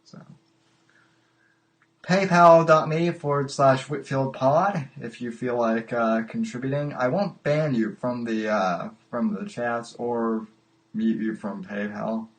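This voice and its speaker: A man's voice: mid-range voice, slow. A man hosting a live call-in podcast, chatting casually and amused, often stalling and repeating words as he goes. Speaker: podcast host taking calls. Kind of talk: casual live-stream chat.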